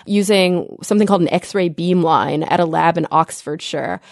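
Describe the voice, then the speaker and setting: Studio-quality audio with no room sound captures a young woman's lowish, creaky voice at a normal pace. She co-hosts a science podcast from home via remote call, explaining things in an upbeat, chatty manner.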